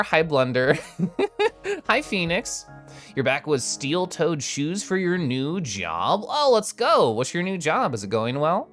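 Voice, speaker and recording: A young adult livestreamer chatting casually and playfully while showing fan art, excitable, swearing now and then and making little growly noises. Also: medium pitch.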